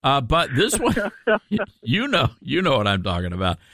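Animated, sarcastic male talk radio host. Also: medium pitch, moderate pace. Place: radio studio.

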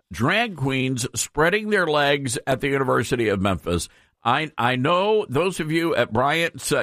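A man's voice: medium pitch, a bit bright, no echo, clean studio sound. A man hosting a talk radio show, speaking in a folksy, plain-spoken way. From West Tennessee. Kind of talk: conservative talk radio monologue.

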